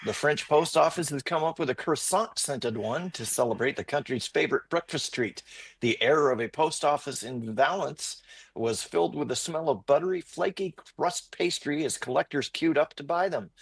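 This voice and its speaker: A man with a slightly husky, breathy voice reads quirky news on a morning radio show. He sounds dry and amused, at an ordinary pitch. The studio mic is close and free of room sound. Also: no room sound. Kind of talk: casual radio banter, reading news stories. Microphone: studio microphone.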